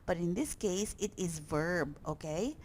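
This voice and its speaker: A woman's voice: lowish voice, animated, a little slow, darkish tone, slight background noise. A woman teaching English vocabulary to students, often checking in with "okay?" and praising answers.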